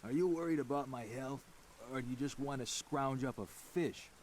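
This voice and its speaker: An actor playing a gruff, sardonic fisherman in a game, with a put-on accent and a folksy manner. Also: mid-range voice, normal speed, darkish tone, slight background noise, lightly acted. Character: gruff middle-aged male fisherman. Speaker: game character.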